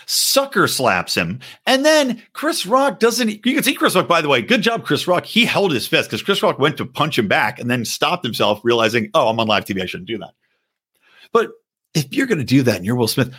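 Male podcast host, thirties, slightly high husky voice, profane mocking commentary. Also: bright, forceful tone. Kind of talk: opinionated commentary.

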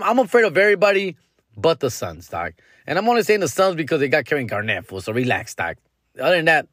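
A man's voice: mid-range voice, a bit bright, breathy edge, no echo, clean studio sound. A man hosting his own podcast in a loose, casual monologue, full of slang and profanity, calling listeners dog and fool and dropping bits of Spanish slang. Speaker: podcast host.

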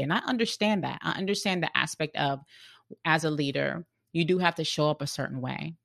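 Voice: mid-range voice, a little fast, creaky, a bit bright, no room sound, clean studio sound. A podcast host giving an earnest, reflective monologue on leadership, often restarting phrases while searching for words.

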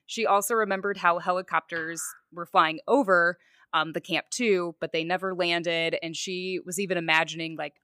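A woman's voice: lowish voice, fairly even intonation, moderate pace, sharp tone, dry recording, clean studio sound. A woman co-hosting a podcast, telling a true crime story in a conversational way with casual fillers. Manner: conversational, fillers like "you know" and "like".

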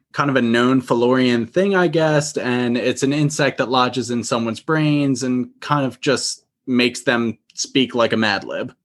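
A man co-hosting a casual show recap, enthusiastically retelling scenes. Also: medium pitch. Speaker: podcast co-host.

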